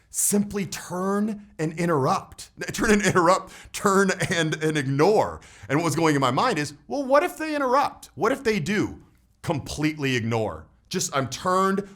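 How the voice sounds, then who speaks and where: A male coach in his forties with a fairly high voice that swings widely in pitch. He breaks down a social situation for the viewer in a lively, conversational coaching tone and keeps checking in with "right?". The delivery stays energetic and direct. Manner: animated, tags points with "right?". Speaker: voice and status coach.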